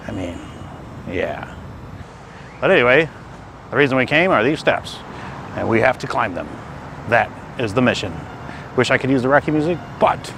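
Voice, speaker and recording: A man's voice: medium pitch, vocal fry, noisy background. A middle-aged man from Detroit, chatting casually as he vlogs outdoors in a city with a handheld camera. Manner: chatty, self-deprecating, often winded. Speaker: vlogger. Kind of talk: casual travel vlog. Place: outdoors in a city, by stone steps. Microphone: handheld compact camera.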